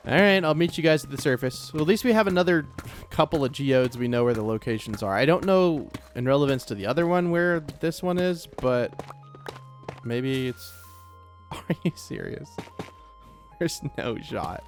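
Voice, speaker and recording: A young man casually commenting on his own gameplay in a chatty, joking way, quick to get startled and to repeat himself. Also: mid-range voice, expressive, faint music behind. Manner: chatty, jokey, easily startled, repeats phrases. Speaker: let's play gamer.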